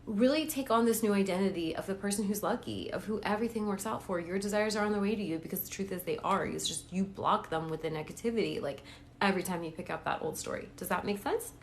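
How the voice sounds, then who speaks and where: A woman's voice: mid-range voice, quick pace. Woman chatting on a phone live, encouraging coach vibe, keeps asking "right?", bit of faint room noise. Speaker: manifestation coach. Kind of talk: casual live-stream talk.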